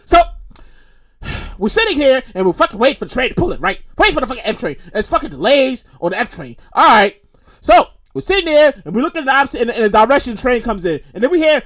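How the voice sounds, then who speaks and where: A man's voice: very high voice, fast talker. New guy ranting on his podcast, swings all over the place, cusses, repeats himself. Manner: animated, profane ranting with repetition. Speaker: podcast host. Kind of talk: casual storytelling.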